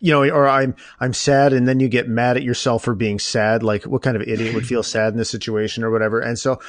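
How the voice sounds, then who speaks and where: A man hosting his own podcast, chatting informally with jokes and lively asides. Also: mid-range voice, a little fast, no room sound. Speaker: podcast host. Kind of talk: casual interview chat.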